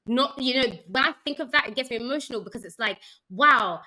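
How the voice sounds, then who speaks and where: A woman app founder telling a story as a guest, with an expressive manner. She acts out the voices of the people she quotes and laughs easily. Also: a little high, fast, poor audio. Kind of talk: animated storytelling.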